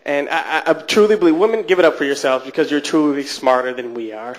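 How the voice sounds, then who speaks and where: A man's voice: fairly high pitch, fast talker. A man in his late twenties from Detroit with a Michigan accent, doing a chatty, self-deprecating stand-up set at a comedy club. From Detroit, USA. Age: late 20s.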